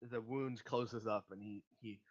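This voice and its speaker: A man's voice: lowish voice, steady tone, unhurried, dry recording. A man narrating as game master of a tabletop game, speaking hesitantly with many fillers, recorded on dull lo-fi audio.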